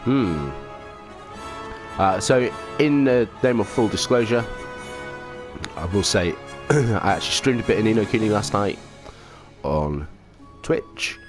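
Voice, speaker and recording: A man's voice: fairly low pitch, animated, takes it slowly. A man hosting a casual let's play at home, rambling and self-mocking with lots of ums. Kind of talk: casual gameplay commentary. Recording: game music underneath.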